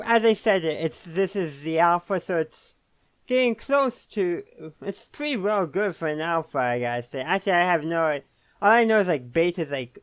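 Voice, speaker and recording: A man's voice: high voice, smooth, no room sound. A man hosting a casual video game commentary, rambling and often correcting himself mid-sentence. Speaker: host.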